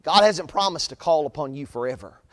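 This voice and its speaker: A pastor delivers a sermon in a fairly high voice, pushing each point harder and then letting the line ends drop away quietly. His voice carries a long reverb from the church sanctuary around him. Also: lively intonation, fairly quick. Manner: preaching with rising emphasis and soft, trailing line ends.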